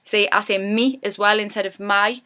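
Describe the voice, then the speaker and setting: A woman with a broad Geordie accent talks through a casual lesson in a chatty, easygoing way. Her voice is smooth and clear, sitting at an ordinary middle pitch. She turns animated whenever she acts out the example phrases. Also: normal speed. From Newcastle, England. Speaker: YouTuber teaching dialect.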